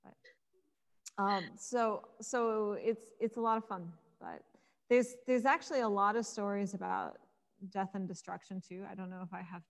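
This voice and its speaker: A woman Egyptologist giving a casual spoken talk, retelling myths with lively acted-out dialogue for the gods. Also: medium pitch, unhurried, long reverb tail. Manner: lively storyteller acting out the gods' lines. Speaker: Egyptologist guest speaker.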